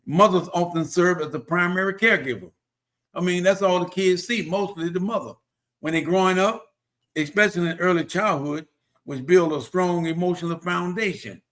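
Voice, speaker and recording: A man's voice: high-pitched, normal speed, a bit bright. A man hosting a casual motivational talk, earnest and preachy, who often repeats himself. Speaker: host.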